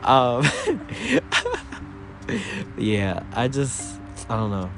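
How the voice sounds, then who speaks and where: A man's voice: medium pitch, huge pitch swings, extremely slow, over music. A man hosting a podcast in casual chat, giggling often and rambling. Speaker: podcast host.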